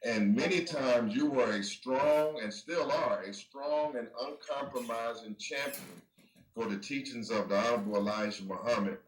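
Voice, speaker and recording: A man's voice: mid-range voice, moderate pace. A man, an author guest, speaking earnestly and deferentially in a casual chat. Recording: roomy audio with faint noise.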